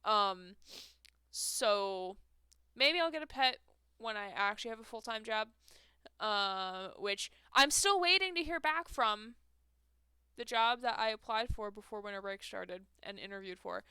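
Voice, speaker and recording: A young woman chats through a headset mic while playing a game live, her voice fairly high, bright and crisp. She rambles, laughs often and pokes fun at herself. The sound is dry and close. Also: animated, unhurried, dry recording. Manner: chatty, laughs often, self-mocking. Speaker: streamer.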